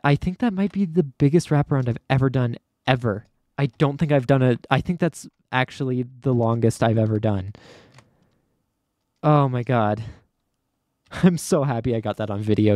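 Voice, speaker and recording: A man chats through his gameplay in a casual, excitable way, often stammering and thinking aloud. His voice sits at a middle pitch. The sound is dry and close, with keyboard typing in the background. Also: no room sound. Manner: talks to himself, stammers, excitable. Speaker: gaming YouTuber.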